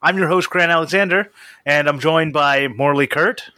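A man's voice: fairly high pitch, moderate pace, dry recording, clean studio sound. A man hosting a casual podcast chat, joking and upbeat with his co-hosts. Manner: lively, joking. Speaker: podcast host.

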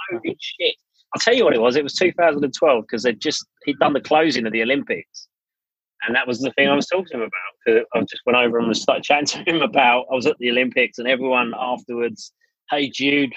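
A man's voice: medium pitch, a bit bright, slightly rough, no echo. A middle-aged English man, a studio founder, chatting casually as a podcast guest and telling stories with frequent restarts. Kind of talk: casual interview storytelling. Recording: dull lo-fi podcast audio.

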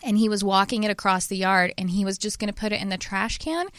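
A woman hosting an interview, telling stories in a rambling, animated way with many restarts. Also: mid-range voice, fast, no room sound. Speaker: podcast host. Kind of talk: casual interview chat.

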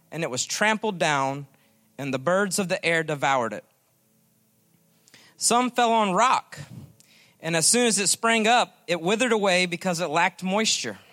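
Guy preaching a sermon, kinda high voice, sharp and bright, tells jokes and stories. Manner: folksy, joking storyteller. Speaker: guest preacher.

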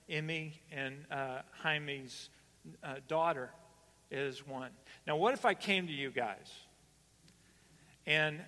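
A pastor preaching a sermon to his congregation, swinging between loud emphatic calls and hushed, slow lines. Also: a little high. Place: church hall. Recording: long reverb of a church hall.

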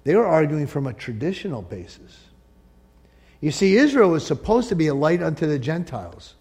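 A male pastor preaching a sermon, animated and joking, acting out quotes from the story and the congregation. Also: on the high side, fairly quick, big-room sound. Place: church sanctuary.

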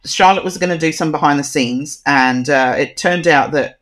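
A man's voice: a little high, normal speed, fairly bright tone. A man appearing as a podcast guest, chatting casually and hesitantly as he searches his memory. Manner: hesitant, searching for details, frequent restarts. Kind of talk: casual chat.

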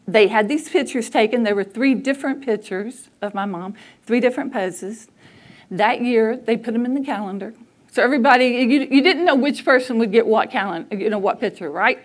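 A middle-aged woman with a high, bright voice tells a family story to a church crowd at a fairly quick pace. She is animated, laughs often and acts out what people said.

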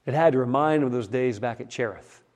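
A man preaching a sermon as a pastor, retelling stories in a casual, conversational way and often dropping to a soft hush. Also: mid-range voice, fast.

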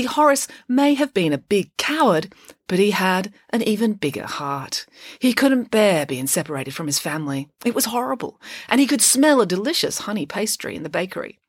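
Expressive woman reading a storybook. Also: medium pitch, husky, no echo, clean studio sound. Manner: expressive, wry and playful, with dramatic pauses. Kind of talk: storybook narration.

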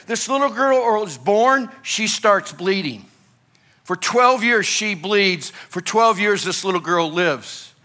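A male pastor from Illinois, preaching an animated sermon that swings between loud urgency and quiet, hushed moments. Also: high voice, takes it slowly.

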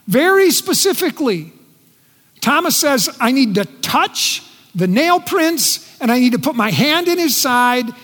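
A man preaching a sermon in earnest, his voice dropping soft and quiet when he speaks quoted words. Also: very high voice. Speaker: pastor. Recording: long reverb in a large hall.

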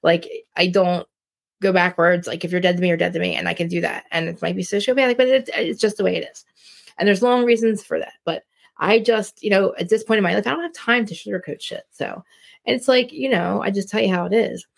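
Jersey lady rambling blunt on her live stream, gravelly fry in her voice. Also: medium pitch, a little fast. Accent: New Jersey. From New Jersey. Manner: rambling, blunt, many restarts. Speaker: live-stream podcast host. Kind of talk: casual live-stream chat.

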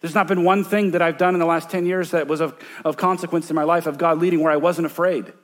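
A man in his thirties, a pastor preaching a sermon, moving from loud emphatic points to hushed storytelling. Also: a little high, fairly even intonation, fast talker. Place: church sanctuary.

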